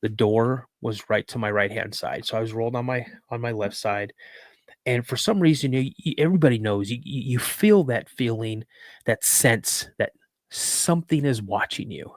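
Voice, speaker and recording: A man telling an emotional personal story in an earnest, halting way, full of restarts as he fights back tears. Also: mid-range voice, no room sound, studio quality.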